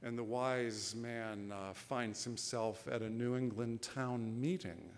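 Slow, deliberate preacher in a reverberant hall. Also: male voice, medium pitch, fairly even intonation, a little hiss or hum. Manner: deliberate storytelling with acted quotes. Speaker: pastor. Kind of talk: sermon.

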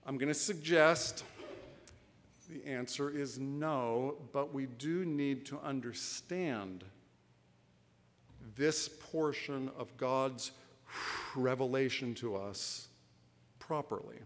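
A man preaching a sermon, explaining proverbs through a story, told deliberately with acted quotes. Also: medium pitch, long reverb tail. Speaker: pastor.

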